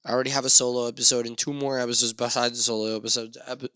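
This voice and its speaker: A man hosting a solo podcast, rambling and swearing through self-mocking rants with sudden loud outbursts into a studio mic. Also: mid-range voice, flat delivery, racing, clear, resonant tone, no room sound. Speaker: podcast host.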